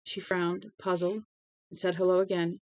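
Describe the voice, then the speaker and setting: A woman's voice: on the low side, little pitch movement, moderate pace, darkish tone, dry recording, rough recording. A woman reading a novel aloud on a stream, voicing the dialogue with feeling and correcting her small slips as she goes. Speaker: audiobook reader.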